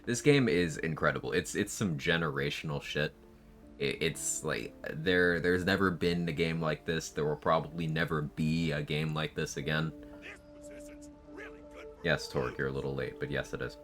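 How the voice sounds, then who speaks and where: A man with an extremely low voice talks casually over his live game stream. He sounds sleepy and laid-back, laughs easily and swears offhandedly, with faint music playing underneath. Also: normal speed, a bit bright.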